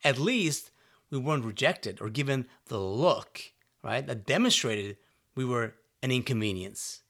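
A man's voice: mid-range voice, lively intonation, measured pace, fairly bright tone. A man giving a motivational talk to his listeners, earnest and direct, often checking in with "right?" and asking if they are following. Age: adult parent. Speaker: self-help speaker. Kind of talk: motivational monologue.

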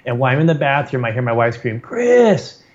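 A man's voice: mid-range voice, fairly even intonation, racing. A middle-aged man from California telling a personal story in a casual way, often repeating words and restarting sentences, with some self-deprecating humor. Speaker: guest telling his story. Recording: slightly dull, muffled recording.

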